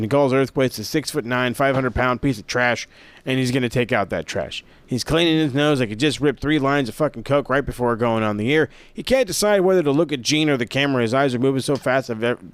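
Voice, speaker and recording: A man's voice: mid-range voice, clean tone, no echo. A man casually recapping an old wrestling show in a profane, sarcastic way, with plenty of swearing and asides. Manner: profane, sarcastic, animated storytelling. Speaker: wrestling review host.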